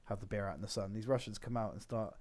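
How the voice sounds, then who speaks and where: A man's voice: on the low side, fast talker, a little mellow. A young man, a podcast co-host, telling rambling anecdotes in casual chat with lots of swearing.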